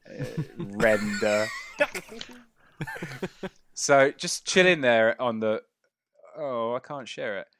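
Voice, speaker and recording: A man's voice: mid-range voice, expressive, takes it slowly, pauses often, a bit bright, dry recording, clean studio sound. A man narrating a tabletop game as game master, casual and sweary, laughing often.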